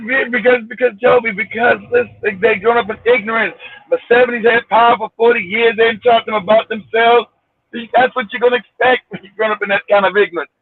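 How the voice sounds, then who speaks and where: A man's voice: very high-pitched, fairly even intonation, fast talker, dry recording. Brash man on a tinny phone line. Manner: loud, brash, laughing, profane. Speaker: call-in guest. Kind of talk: casual heated chat.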